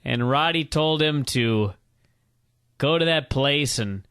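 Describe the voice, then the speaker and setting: A man co-hosting a podcast, retelling a story with lively energy and acting out quotes loudly. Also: medium pitch, slow pace, clear, resonant tone. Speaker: podcast co-host. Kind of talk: excited comedic recap.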